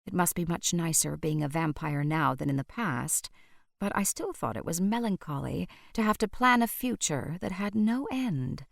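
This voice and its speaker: A woman narrating an audiobook in a measured storytelling manner. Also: sits low, animated, gravelly, no room sound, clean studio sound.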